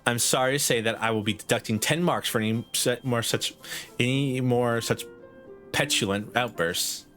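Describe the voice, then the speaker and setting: A man's voice: mid-range voice, normal speed, a bit bright, faint music behind, close to an everyday voice. Man doing a pompous, lecturing lady professor. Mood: haughty. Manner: haughty, lecturing, clipped. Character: pompous, fussy woman professor who grades everyone.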